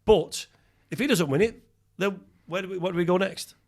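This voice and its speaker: A man's voice: high-pitched, darkish tone. A middle-aged English man co-hosting a podcast, giving firm opinions on football in casual chat. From England. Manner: opinionated football talk, quick interjections. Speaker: podcast co-host.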